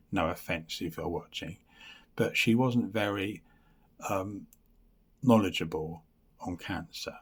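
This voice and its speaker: A man's voice: deep voice, slow, long pauses, breathy edge. An English man giving a rambling health update on his vlog, reading from notes and often losing his place, with blunt, dry humour. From England. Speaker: vlogger.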